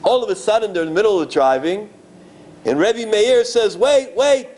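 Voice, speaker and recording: A rabbi giving a dramatic storytelling sermon at a synagogue gala. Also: male voice, sits high, normal speed. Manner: animated, dramatic preacher.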